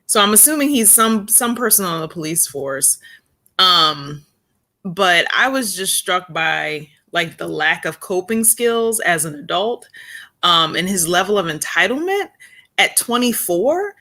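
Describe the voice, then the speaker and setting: A woman joining a livestream panel, commenting in a thoughtful, hesitant way with many pauses. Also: on the low side, very animated, bright, forceful tone. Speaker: panel guest. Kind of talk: casual commentary.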